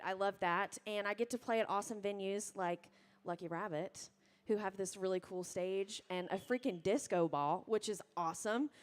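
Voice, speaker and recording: A young woman from Mississippi with a Southern accent, chatting with a bar crowd between songs in a casual, self-deprecating way. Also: medium pitch. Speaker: singer-songwriter performing live. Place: live music bar stage. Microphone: stage vocal mic.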